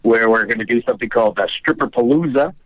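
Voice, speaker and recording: A man's voice: medium pitch, fast, dry recording. A man calling into a talk show by phone, rambling with lots of fillers. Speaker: caller, event host. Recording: dull, lo-fi phone call.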